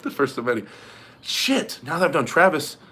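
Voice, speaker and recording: A man hosts a casual fundraiser livestream and chats loosely with viewers in a bright, sharp voice. He rambles, restarts his sentences and laughs often as he talks. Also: on the high side, big pitch swings, moderate pace, slightly rough. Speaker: livestream host.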